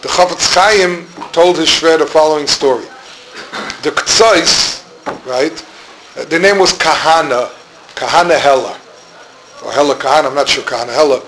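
A middle-aged man gives an informal Talmudic lecture, teaching a Torah class in a loose, rambling style and mixing Hebrew and Yiddish terms. His voice is slightly high for a man, his pace is moderate, and he frequently pauses while searching for words. The room recording has steady background noise.

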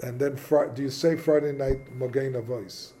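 There's a little hiss or hum behind this man's dark, medium-pitched voice, which keeps a fairly even intonation at normal speed. He's giving a relaxed Talmud lesson, posing questions and slipping Hebrew and Yiddish words into yeshivish-style English.

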